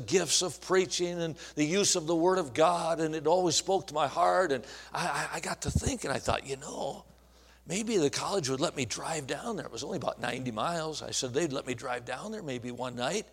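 A man in his sixties, an evangelist, telling a personal story in a folksy, earnest way, with restarts and hushed asides. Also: on the high side. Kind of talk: storytelling sermon.

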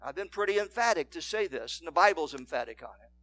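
High-voiced emphatic preaching man. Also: animated, fast. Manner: emphatic preaching, swinging from loud declarations to hushed asides; reads scripture in King James wording. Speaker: pastor. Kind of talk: sermon.

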